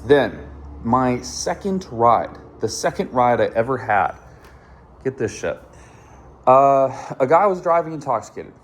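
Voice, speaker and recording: A man's voice: mid-range voice, lively intonation, unhurried. A motorcycle vlogger, a man, casually telling his viewers a story, candid and swearing freely. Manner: candid, swears often, addresses viewers as dude and bro.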